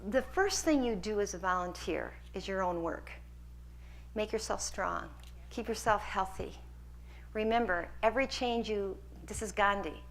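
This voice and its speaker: A woman's voice: medium pitch, slight background noise. A woman lecturer taking questions from a hall audience, earnest and encouraging as she answers. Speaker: guest lecturer.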